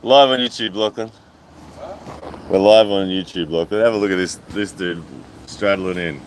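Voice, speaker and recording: Deep-voiced man hosting a stream. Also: steady tone, normal speed, a little hiss or hum, poor audio. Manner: reads out viewer comments and chats loosely. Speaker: livestream host. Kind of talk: casual livestream chat. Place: outdoors at a hotel poolside.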